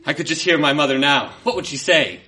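A man reading a comic story aloud to a live audience in a mock-dramatic storytelling manner, with pointed pauses. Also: a little high, expressive, bright, forceful tone.

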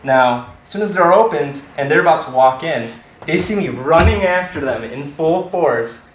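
Animated young man telling a story. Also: a little high, moderate pace, echoey room, a little hiss or hum, low-quality recording. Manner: animated, laughs through his own story. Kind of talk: personal anecdote told to an audience.

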